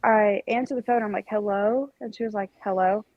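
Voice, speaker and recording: A woman's voice: on the high side, fast talker, dry recording, lo-fi sound. A young woman co-hosting a podcast, rambling through a story in casual chat. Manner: rambling, animated storytelling with laughs. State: recovering from strep throat. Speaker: podcast co-host.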